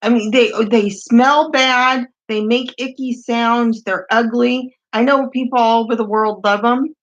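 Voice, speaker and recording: A woman reading out strange dating-site messages in a comedic, deadpan way, with wry asides. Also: fairly high pitch, a little slow. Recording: dull lo-fi sound.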